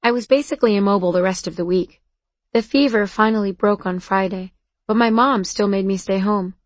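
A woman narrating a first-person novel in a soft, understated manner. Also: medium pitch, fairly quick, no room sound. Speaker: audiobook narrator.

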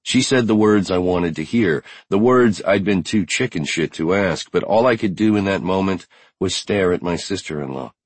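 A man reads a first-person novel in a measured, unhurried way. His voice is very deep and a little husky. It is recorded close and dry. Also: no room sound. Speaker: audiobook narrator. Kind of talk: first-person audiobook narration.

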